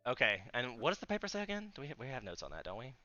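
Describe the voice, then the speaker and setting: A man's voice: mid-range voice, big pitch swings, sharp tone, dull audio. A man running a tabletop game as game master, talking casually and joking at his own expense. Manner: casual, self-deprecating, quick asides. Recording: music playing in the background.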